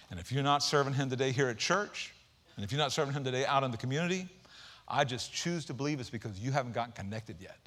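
A man preaching a sermon in church, energetic and conversational, with jokes and casual asides to the congregation. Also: medium pitch. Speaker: pastor.

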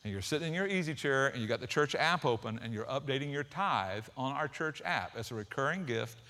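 A man preaching a sermon, telling a story in an animated way. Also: medium pitch, a little fast. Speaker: pastor.

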